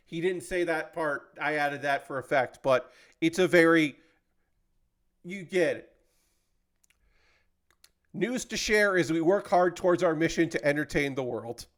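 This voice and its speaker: A man's voice: on the high side, unhurried, long pauses. A man hosting a live stream, chatting casually while building a model kit, rambling with lots of fillers. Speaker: livestream host.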